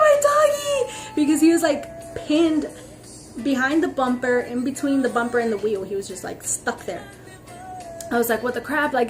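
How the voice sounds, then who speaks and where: Rambling, chatty young woman vlogger. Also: a little high. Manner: rambling, heavy on "like" and "freaking"; animated storytelling, acting out others' lines. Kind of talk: casual rant to camera.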